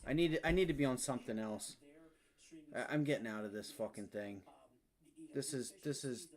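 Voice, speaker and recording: A man's voice: mid-range voice, moderate pace. A young man on a live day-trading stream, talking bluntly and swearing heavily as he follows his trades. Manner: blunt, heavily profane venting.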